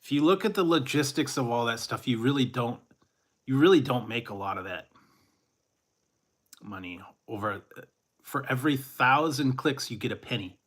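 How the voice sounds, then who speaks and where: A man's voice: mid-range voice, lively intonation, moderate pace, long pauses. A man from Central California chatting casually on a live stream, rambling with chuckles and tossing in a joking "eh". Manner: rambling, chuckling, plays up a mock Canadian eh. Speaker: food review streamer.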